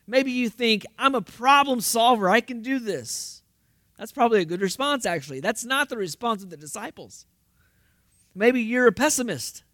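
High-voiced preacher with dry sound. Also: male voice, fairly bright tone, no room sound. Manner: rhetorical questions, rising to emphatic bursts. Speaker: pastor. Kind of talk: sermon.

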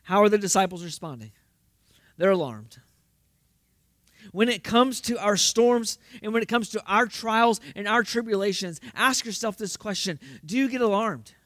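A man preaching with a notably high voice. He works through rhetorical questions and breaks into emphatic bursts. The recording is dry, with almost no room sound. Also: lively intonation, normal speed, fairly bright tone, no echo. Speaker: pastor. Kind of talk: sermon.

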